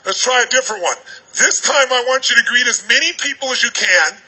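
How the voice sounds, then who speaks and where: A man's voice: very high voice, bright, forceful tone, breathy edge, poor audio. A man giving a seminar talk to a large arena crowd, firing commanding questions at them over a stage microphone. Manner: commanding, rapid-fire questions. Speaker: motivational speaker.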